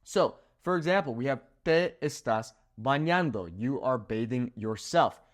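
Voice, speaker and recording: A man teaches at a whiteboard with a lively, bouncing delivery that rises and falls as he stresses each point. His pitch sits in an ordinary middle range. He walks through the rules step by step and keeps asking "okay?" to check in with his viewers. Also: a little slow. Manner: animated, checks in with "okay?" often. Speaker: Spanish teacher. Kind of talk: whiteboard grammar lesson. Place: room with a whiteboard.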